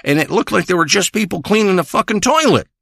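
A man's voice: high-pitched, animated, fast, vocal fry, a bit bright, dry recording, studio quality. A man delivering a crude, rambling comic monologue, ranting and swearing as he tells a story.

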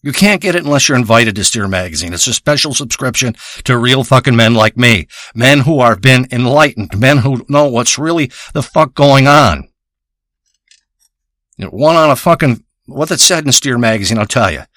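Crude ranting comic, male, high bright tense voice, dry close sound. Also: expressive, brisk, no echo. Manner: ranting, paranoid and crude, rambling. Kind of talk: profane comedic rant monologue.

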